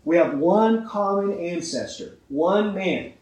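A man's voice: high-pitched, expressive, takes it slowly, a little mellow, recorded from a distance. Emphatic preacher man in an echoey room. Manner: emphatic, asks the listeners rhetorical questions with frequent "right?". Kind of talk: sermon.

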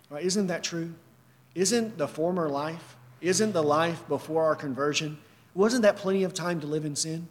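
A male preacher delivers an emphatic sermon, asking and answering his own questions. His voice sits high for a man. It rings out with long reverb, as in a large hall. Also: normal speed. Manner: earnest, emphatic, repeats rhetorical questions.

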